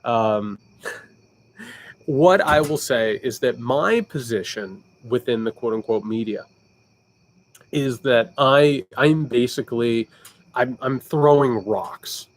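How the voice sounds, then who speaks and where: Speaking slowly in a mid-range voice, this Indiana livestream host offers political commentary with a Southern Indiana accent. He chats casually and openly with viewers, animated, frequently starting his sentences over as he responds to their questions.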